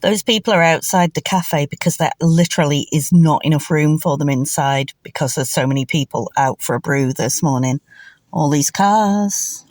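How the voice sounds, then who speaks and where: A woman's voice: low voice, moderate pace, darkish tone. A woman, chatting casually and rambling a little, filler words dotted through as she vlogs. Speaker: vlogger. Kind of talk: casual vlog chat.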